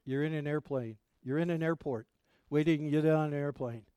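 A male pastor delivering a sermon, his voice a touch higher than most men's and notably smooth and resonant. He keeps tossing rhetorical questions to the congregation, rising to loud emphatic lines and then dropping to quiet asides. The sound is dry and close, with little room around it. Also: brisk, no room sound.

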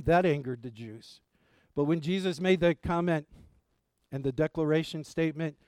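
Male pastor, sermon delivery, emphatic swells and soft fading endings, mellow dark tone, dry close sound. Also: a little high, expressive, unhurried, no echo. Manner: emphatic preaching, dropping to soft endings and rising for stress.

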